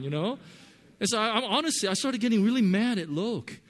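A man preaching a sermon, telling a personal story with lively swings between loud and soft earnest tones. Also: high voice, normal speed. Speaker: pastor.

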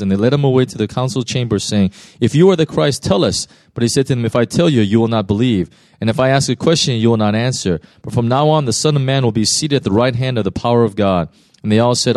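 Male pastor, mid-pitched, reads scripture plainly, then preaches loosely with lots of fillers, dry close recording. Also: darkish tone, no room sound. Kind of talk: scripture reading and sermon.

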